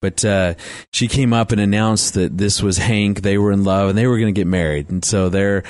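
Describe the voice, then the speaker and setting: A middle-aged man with a fairly low voice tells a story in a chatty, easygoing way, laughing often and restarting his sentences. The sound is dry and close, with no room echo. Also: fairly even intonation, normal speed, darkish tone. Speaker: marriage and family speaker. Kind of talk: storytelling talk with faith references.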